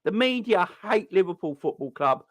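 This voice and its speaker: A man's voice: high-pitched, sing-song, normal speed, no room sound. Fired-up South London man ranting. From South London, England. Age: 40s. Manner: angry, sweary, repeats himself and restarts often. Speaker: football fan channel host. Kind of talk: heated fan rant to camera.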